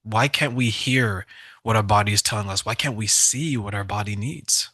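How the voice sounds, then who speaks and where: A man hosting an interview, animated and jokey, asking his guest questions. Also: on the low side, normal speed, no echo. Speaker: host. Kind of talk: interview conversation.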